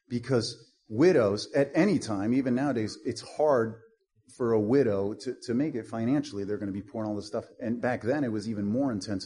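A man's voice: medium pitch, a little mellow, breathy edge. A male pastor preaching a sermon in a blunt, punchy way, with mocking asides.

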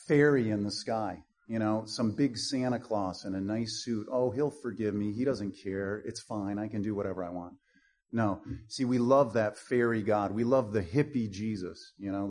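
Blunt husky-voiced male preacher. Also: on the low side, darkish tone. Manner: blunt, punchy preaching with mocking asides. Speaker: pastor. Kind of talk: sermon.

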